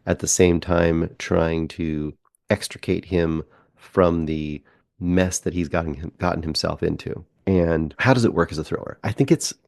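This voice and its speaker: On a film podcast, a man recaps a movie's plot in a casual, rambling review, acting out snippets of the characters' dialogue as he goes. His low voice is gravelly and a little mellow, unhurried, captured in a dry, studio-quality recording.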